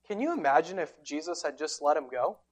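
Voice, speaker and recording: A woman preaching a sermon, telling the story dramatically and swinging between loud, forceful lines and hushed ones. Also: low voice, animated, a little fast, slightly rough.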